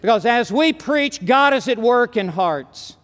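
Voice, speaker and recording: A man preaches to a conference crowd with an unusually high, ringing voice. He drives his points home with emphatic, forceful declarations. His words trail off into the long reverb of a large hall. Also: lively intonation, a little slow. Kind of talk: conference sermon.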